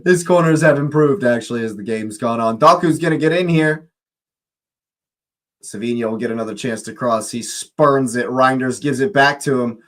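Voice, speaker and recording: A young man hosting a live football watch-along, excitable, laughing often and repeating his phrases. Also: mid-range voice, normal speed.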